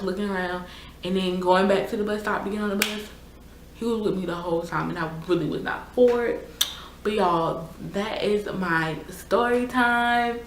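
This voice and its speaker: A young woman tells a storytime vlog as a YouTuber, sounding casual and exasperated and leaning on lots of fillers. Her voice sits in the mid range, with slight background noise and an echoey room.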